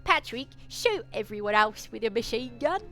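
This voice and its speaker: A woman voicing a male werewolf companion in a deliberately bad put-on English accent, hammy and self-mocking. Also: a little high, lively intonation, fairly bright tone, faint music behind, voice pushed up. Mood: gleeful.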